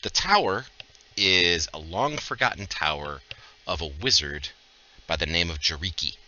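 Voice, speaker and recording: A man running a tabletop game as game master, lively and joking as he introduces players and narrates. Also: low-pitched, normal speed, highs cut off.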